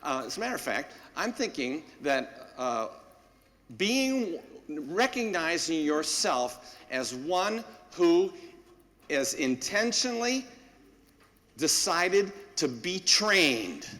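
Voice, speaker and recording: A man's voice: fairly high pitch, sing-song, slow, bright, forceful tone, in a large hall. A man, a parish priest, giving a folksy, anecdotal homily full of fillers and asides. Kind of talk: conversational homily.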